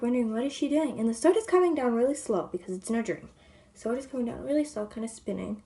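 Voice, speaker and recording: A woman vlogger rambles through a long story, sprinkling in plenty of "like" and "you know" and sometimes sinking to a soft whisper. Her voice sits a little high.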